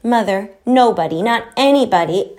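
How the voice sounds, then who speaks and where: An insistent young boy begging for just one more turn, as a woman reader puts him on, pitched higher and drawing out his words. A storybook figure. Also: animated, normal speed, darkish tone, close to an everyday voice. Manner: insistent, pleading.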